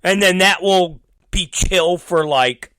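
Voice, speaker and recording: A man in his fifties hosting a podcast, telling rambling, profane stories in a casual, animated way. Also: high-pitched, slow pace, clean tone, dry recording. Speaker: podcast host. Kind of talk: casual storytelling monologue.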